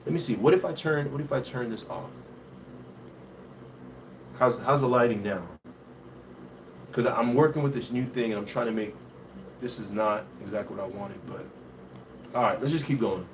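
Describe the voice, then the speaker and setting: A man's voice: mid-range voice, moderate pace, pauses often. A young man hosting a casual livestream, reading viewer comments aloud and mixing in Haitian Creole. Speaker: livestream host. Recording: faint background noise, somewhat distant from mic.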